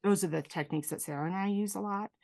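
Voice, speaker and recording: A woman's voice: medium pitch, fast talker, gravelly, a little mellow. A woman speech therapist, a guest on a podcast, explaining her methods in an earnest, explanatory way. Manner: explanatory, earnest, playfully demonstrative. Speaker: speech-language pathologist, guest. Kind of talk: casual conversational interview.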